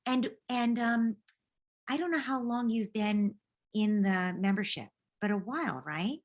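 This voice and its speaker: A woman who is a parenting coach, giving gentle, reassuring advice in a live group question session over a video call. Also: on the high side, unhurried.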